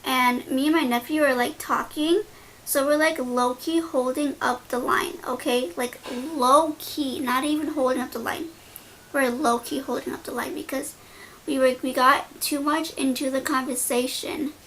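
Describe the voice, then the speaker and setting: A young woman beauty vlogger telling an animated, slangy story while doing her makeup. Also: sits high, normal speed, a little hiss or hum. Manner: animated, slangy, dramatic retelling.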